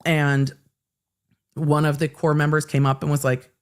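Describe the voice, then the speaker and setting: A woman's voice: low voice, little pitch movement, unhurried. A middle-aged woman hosting a livestream in a casual, rambling way, often restarting her sentences while she chats and reads viewer comments. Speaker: host.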